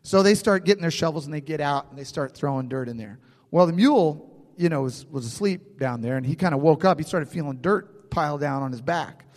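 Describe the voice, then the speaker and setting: A man's voice: a little high, brisk, a little mellow, long reverb tail. A man preaching a sermon in a conversational way, often restarting phrases and checking in with his listeners. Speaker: pastor.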